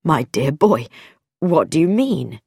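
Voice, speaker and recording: A woman's voice: deep voice, very animated, slow pace, vocal fry, darkish tone, slightly rough, no room sound, clean studio sound, full character voice. A woman reading pompous old vicar. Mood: stern. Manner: formal, lecturing. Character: pompous, stern older male vicar and father.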